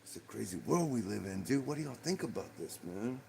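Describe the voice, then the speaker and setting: A man's voice: fairly low pitch, expressive, a little fast, vocal fry, darkish tone, a little hiss or hum. A man with a Texan accent hosting a livestream, rambling casually and calling his viewers dude and man. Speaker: livestream host.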